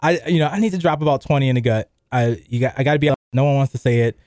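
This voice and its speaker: A man's voice: mid-range voice, very fast, a little mellow, no echo, studio quality. A middle-aged man hosting a sports radio show, chatting loosely with lots of fillers. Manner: loose and rambling, many fillers. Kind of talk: casual sports radio chat. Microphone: studio microphone.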